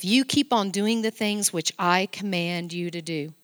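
A middle-aged woman preaching a sermon in a church and reading scripture. She speaks straight to her congregation with affection, and swings from loud exclamations down to soft near-whispers. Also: medium pitch, unhurried, in a large hall.

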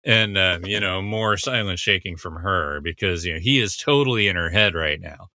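A man's voice: low-pitched, moderate pace, pushed and bright, no echo, clean studio sound. A man giving a casual, analytical scene-by-scene commentary, recapping dialogue with frequent fillers.

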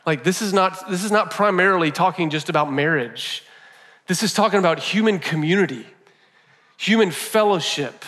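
Higher-voiced man preaching in a reverberant hall. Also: a bit bright. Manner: conversational, repeats phrases for emphasis. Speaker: pastor. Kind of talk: sermon.

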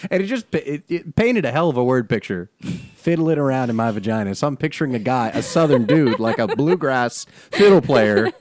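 A man co-hosting a casual chat, animated and laughing often, talking fast. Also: mid-range voice, no room sound. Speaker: podcast co-host. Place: Los Angeles area.

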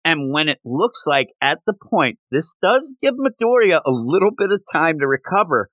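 A man co-hosts a casual podcast, talking through a comic chapter with lots of swing in his voice. His tone is bright and forceful. The sound is dry and close, with no room around it. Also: normal speed, dry recording, rough recording. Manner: animated, jumps in pitch when quoting characters. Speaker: podcast co-host. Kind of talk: casual podcast chat recapping a manga chapter.

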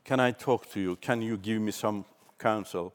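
A man's voice: on the low side, moderate pace, natural voice. A man retelling a sermon story, speaking as a young woman in pain who asks for counsel. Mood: pleading.

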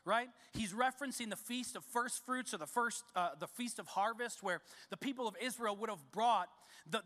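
A man's voice: very high voice, a bit bright, big-room sound. A male pastor preaching a sermon in a church, emphatic and repeating key words for stress. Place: church sanctuary.

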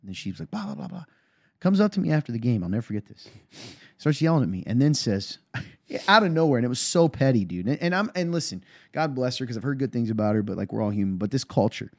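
A man, a pastor, co-hosting a casual talk show and telling stories in a quick, emphatic way. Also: mid-range voice, no echo, studio quality. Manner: animated storyteller, quick and emphatic. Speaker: pastor and podcast co-host. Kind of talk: casual chat.

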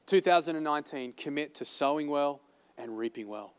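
A man preaching from the pulpit in a somewhat higher voice, emphatic and chatty by turns. His sermon rings through a church hall with a long reverb tail. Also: lively intonation, fairly quick, smooth. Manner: emphatic, conversational preaching with asides. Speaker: pastor. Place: church auditorium.

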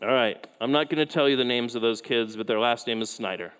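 A man preaching a youth sermon, telling stories with lively, quick asides. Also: medium pitch, slight background noise. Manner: animated storytelling with quick asides. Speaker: youth pastor. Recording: hall reverb.

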